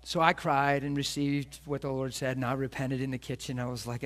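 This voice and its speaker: A man's voice: medium pitch, flat delivery, fairly quick. A middle-aged man preaching a sermon as a pastor, telling a personal story earnestly and acting out the voices of the people in it.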